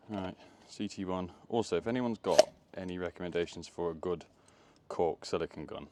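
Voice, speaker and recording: With background noise behind him, an electrician with a deep, fairly evenly intoned voice speaks at normal speed while working. He chats and thinks aloud in a phone-camera vlog shot outdoors on a rainy roof and in a loft, occasionally out of breath.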